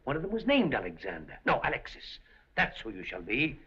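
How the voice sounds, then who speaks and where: An actor playing a suave, scheming café proprietor in a 1930s film, speaking in an urbane, deliberate way. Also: male voice, mid-range voice, huge pitch swings, pushed and bright, slight background noise. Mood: sly. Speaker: café owner. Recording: dull 1930s film soundtrack.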